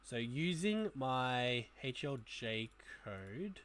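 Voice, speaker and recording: A man's voice: medium pitch, sing-song, drawn-out words, fairly bright tone. A young man hosting a casual toy livestream, rambling and muttering asides to his chat as he browses. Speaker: toy review livestream host.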